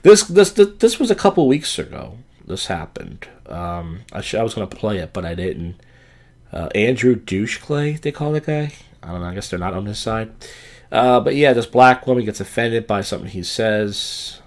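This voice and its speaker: A man rambles through casual, foul-mouthed commentary as a show host. His pitch swoops up and down as he talks. He often pokes fun at himself. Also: big pitch swings, normal speed. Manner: rambling, crude, self-mocking. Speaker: show host reacting to clips.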